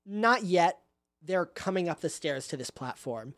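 A man's voice: sits high, animated, a little slow, no room sound, clean studio sound. A man narrating a tabletop game as game master in a casual, chatty way.

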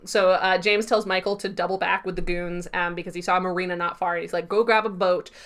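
A woman co-hosting a podcast, casually retelling a TV episode in a lively, chatty way with plenty of fillers. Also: fairly low pitch, quick pace. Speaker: podcast co-host. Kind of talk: casual episode recap chat.

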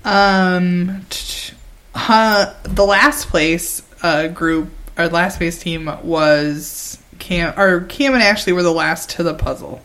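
A woman co-hosting a podcast, recapping a show in casual chat, halting and giggly, thinking aloud as she goes. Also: lowish voice, fairly bright tone. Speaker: podcast co-host.

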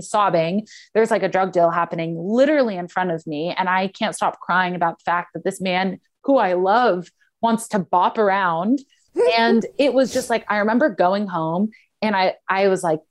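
A young woman chatting casually on a podcast, telling a personal story with a lot of "like" fillers. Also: medium pitch. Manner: candid storytelling, frequent "like" fillers. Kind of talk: casual chat.

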